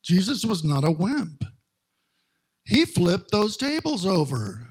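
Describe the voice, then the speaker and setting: A middle-aged male minister giving a sermon, telling personal stories in a slow, conversational way with wry humor. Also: sits high, wildly swooping pitch, breathy edge.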